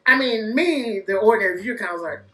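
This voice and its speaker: A woman giving a casual movie review, animated and laughing, swearing freely and acting out scenes. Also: medium pitch, quick pace, reverberant.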